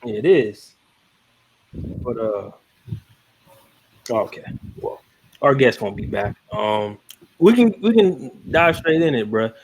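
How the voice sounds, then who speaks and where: A man's voice: medium pitch, lively intonation, slow, long pauses, slightly rough, no echo. A young man hosting a podcast panel, steering the casual talk by asking his friends questions. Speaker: podcast host.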